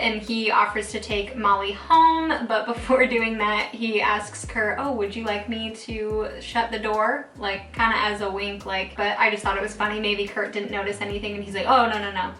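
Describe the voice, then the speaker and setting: A woman's voice: medium pitch, sharp tone, roomy sound, recorded from a distance, poor audio. A young woman casually recapping TV episodes, chatty and full of fillers as she retells scenes and quotes characters. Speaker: TV recap vlogger.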